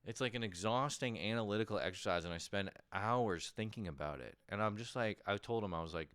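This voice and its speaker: A man's voice: lowish voice, a little fast, few pauses, fairly bright tone, smooth. A man hosting a casual comedic monologue from home, rambling, self-mocking and swearing freely. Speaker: podcast host.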